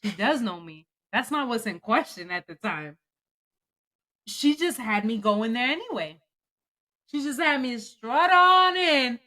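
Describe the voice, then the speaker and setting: A woman co-hosting a casual podcast, telling stories with loud, acted-out quotes and speaking with features. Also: a little high, unhurried. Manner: animated storyteller, acts out quotes loudly. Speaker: podcast co-host. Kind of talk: casual chat.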